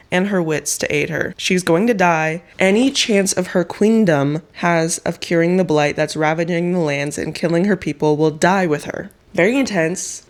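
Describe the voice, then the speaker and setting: Young woman, 20s, casual enthusiastic book vlogger, lower-pitched. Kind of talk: casual vlog chat. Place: at home.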